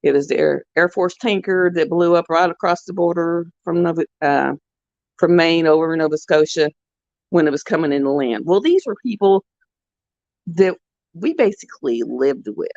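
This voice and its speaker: A livestream host with a lowish, slightly mellow voice talks at a moderate pace, sharing rambling, heartfelt stories with her viewers in a casual chat. The woman's audio is dry and lo-fi, sounding dull.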